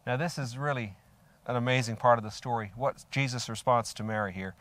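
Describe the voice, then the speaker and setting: An older man gives a sermon in an earnest, reflective way, often turning to ask his listeners direct questions. His voice sits at an ordinary middle pitch. The recording is dry and close, with almost no room sound. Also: a little fast, a bit bright, no room sound. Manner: reads scripture aloud with rising emphasis. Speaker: preacher. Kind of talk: sermon on a scripture passage.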